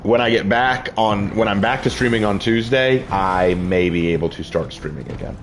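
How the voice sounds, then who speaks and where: A tired man from the Southern United States chatting casually on a gaming stream in a low-key, rambling way. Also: moderate pace, a little hiss or hum. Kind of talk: casual live-stream chat while gaming.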